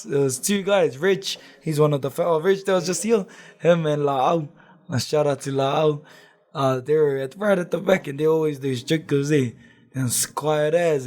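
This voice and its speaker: A man's voice: mid-range voice, darkish tone. A young man with a New Zealand accent, chatting casually as a guest with lots of slang and laughter. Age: young adult. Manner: laid-back, laughing, lots of slang and fillers. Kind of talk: casual chat.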